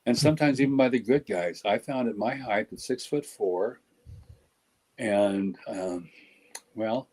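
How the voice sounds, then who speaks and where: Blunt, husky-voiced man joking on a podcast. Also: fairly low pitch, measured pace, darkish tone, low-quality recording. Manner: blunt, joking, self-interrupting. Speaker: podcast guest speaker. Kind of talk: casual podcast discussion.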